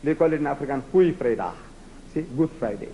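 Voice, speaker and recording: A man's voice: on the high side, expressive, brisk, gravelly, warm tone, a little hiss or hum, low-quality recording. Challenging man, Gujarati native speaker. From South Africa. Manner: rhetorical, challenging, acts out debates with mock voices. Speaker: public lecturer on religion. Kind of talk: public lecture to a live audience.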